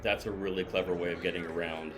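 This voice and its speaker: A man's voice: deep voice, fairly even intonation, quick pace. A man, a voice actor, chatting casually as he reacts live to a TV episode and muses aloud with small laughs. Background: episode soundtrack music playing.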